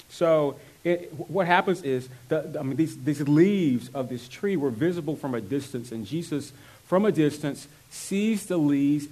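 A man's voice: on the high side, darkish tone. A man preaching a sermon as a pastor, conversational, with asides and restarts.

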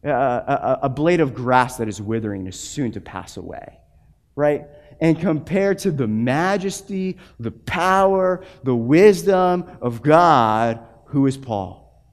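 A man in his thirties preaching a sermon as a pastor, animated, often repeating words and acting out quotes. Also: mid-range voice, takes it slowly.

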